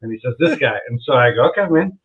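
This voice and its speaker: A man's voice: mid-range voice, fast talker. A man, a comedian guest, telling a story in casual chat, laughing as he goes and acting out what people said. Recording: tinny phone-like line.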